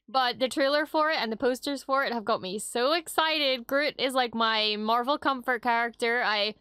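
A young woman hosting a reaction video, chatting casually and gushing, squealing high when something is cute. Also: bright, forceful tone, clean tone, no room sound, studio quality. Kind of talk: excited casual reaction commentary.

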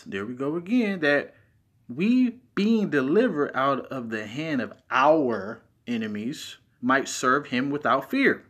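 A man's voice: mid-range voice, sing-song, measured pace, sharp tone, breathy edge. A man with a speech impediment teaching from scripture in a video, stressing key words as he reads verses aloud. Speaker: Bible teacher.

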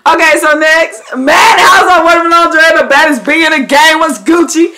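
A young woman chatting casually to her viewers in a vlog, addressing them as "y'all" and bursting into loud, excited exclamations. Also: very high voice, normal speed. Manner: animated, swings into loud excited shouts and laughs; talks straight to viewers with lots of "y'all". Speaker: YouTuber.

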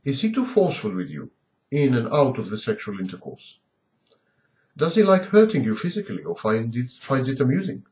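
A man delivers a scripted talk as a rapid series of pointed rhetorical questions. His pitch rises and falls in wide, animated swings. The recording is muffled and lo-fi. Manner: asks a long string of pointed rhetorical questions. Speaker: lecturer on abusive relationships. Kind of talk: scripted lecture monologue. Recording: dull lo-fi recording.

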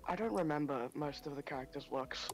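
A woman's voice: deep voice, a little fast, soft background music. A woman co-host in a casual live-stream chat, offering dry, wry remarks.

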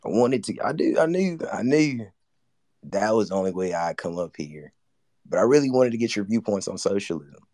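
A man's voice: lowish voice, animated, moderate pace, darkish tone, no echo, clean studio sound. A male caller putting on a stiff, fake-sounding accent, heard over a distant line.

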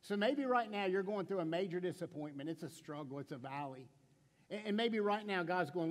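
A middle-aged pastor preaches a sermon in a church sanctuary, his high voice expressive and brisk, with a long reverb tail trailing each phrase. He keeps it conversational, stammering into restarts, tossing out rhetorical questions, and spinning playful stories with acted-out quotes.

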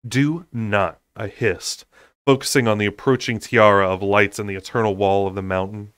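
Man reading a novel aloud, low voice. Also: fairly even intonation, brisk, fairly bright tone, clear, resonant tone, no echo, clean studio sound. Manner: unedited reading with slips and asides. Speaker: audiobook reader.

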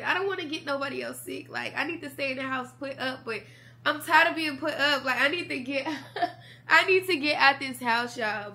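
A woman's voice: high-pitched, bright, forceful tone. Sick young woman with a stuffy nose. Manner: chatty, keeps addressing viewers as y'all. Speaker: vlogger. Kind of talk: casual chat to camera. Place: at home in bed. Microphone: camera mic.

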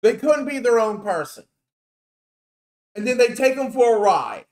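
A male VTuber streamer delivering an angry rant on a livestream, slow and emphatic, cursing and calling someone out by name. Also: very high voice, sing-song, darkish tone.

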